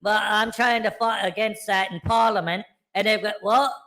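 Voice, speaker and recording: A man's voice: high-pitched, steady tone, normal speed, sharp tone, poor audio. A man voicing a cheeky young male kangaroo joey in a put-on Australian accent, a mock drawl full of "oi" and "mate" in a livestream puppet bit.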